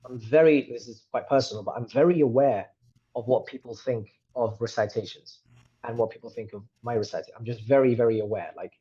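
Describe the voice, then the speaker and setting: Husky-voiced British man chatting candidly. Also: mid-range voice, fairly quick, mellow, highs cut off. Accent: British English. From United Kingdom. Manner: chatty, wandering, candid and self-deprecating. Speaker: guest, reciter. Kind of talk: casual interview conversation. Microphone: podcast microphone.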